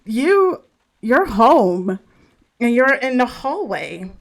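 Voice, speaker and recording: A woman narrating a tabletop game as game master, halting and full of fillers as she describes scenes. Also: a little high, very animated. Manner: slow, halting narration with many fillers and restarts.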